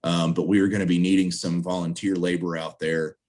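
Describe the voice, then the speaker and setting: A man's voice: sits low, little pitch movement, brisk, a little mellow. A man, president of a trail association, speaking earnestly and upbeat as a guest in a video-call interview, appealing for volunteers.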